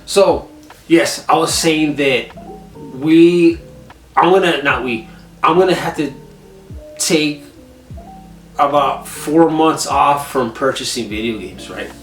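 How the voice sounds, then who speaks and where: A man's voice: on the high side, slow pace, long pauses, far from the mic. Casual vlog host, male, chatty and rambling, mic set back in a roomy space, faint guitar underneath. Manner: rambling, animated retelling with lots of "I was like". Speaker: gaming channel host. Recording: echoey room, set back from the mic, soft guitar music.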